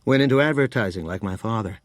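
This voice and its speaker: A man's voice: on the low side, expressive, quick pace, no echo, close to an everyday voice. A man voicing a frank, world-weary American wine trader in his forties, close to his own reading voice.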